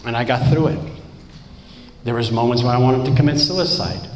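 A middle-aged man from Romania giving a personal recovery testimony in slow, deliberate, blunt words. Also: medium pitch. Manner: slow, deliberate delivery with blunt, raw wording. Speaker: recovering alcoholic sharing his story. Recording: roomy hall with long reverb, faint background noise.

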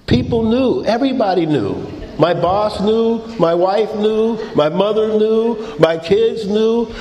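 Middle-aged man sharing his story, unhurried, fairly high voice, echoey hall. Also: animated, warm tone. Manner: storytelling, laughing, acting out quotes. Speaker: recovery meeting speaker. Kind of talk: personal testimony talk. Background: audience laughter.

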